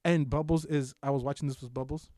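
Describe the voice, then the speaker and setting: A young man co-hosting a podcast, chatting casually about shows with lots of swearing and animated storytelling. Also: medium pitch, fast talker, no room sound, clean studio sound. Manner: animated, profane, loud bursts of laughter-filled storytelling. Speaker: podcast co-host. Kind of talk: casual chat, reviewing shows.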